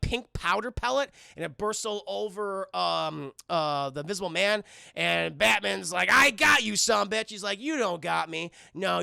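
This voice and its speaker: A man on a live stream recapping a cartoon episode scene by scene, excitable and profane, constantly talking to his chat. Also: sits high, vocal fry, dry recording.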